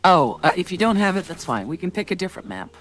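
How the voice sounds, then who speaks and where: A man's voice: high voice, very animated, fast talker, a bit bright. A young man chatting casually on a gaming stream, rambling with lots of fillers and laughing often.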